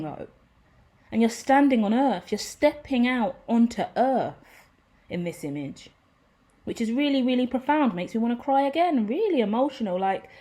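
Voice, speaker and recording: A woman giving a casual, rambling tarot reading to her viewers, excitable, swearing freely and laughing at herself. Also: on the high side. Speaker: tarot reader.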